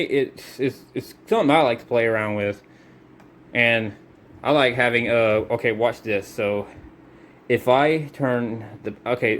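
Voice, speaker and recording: A man's voice: mid-range voice, slight background noise. A man giving a casual product review demo, talking loosely and correcting himself as he thinks aloud.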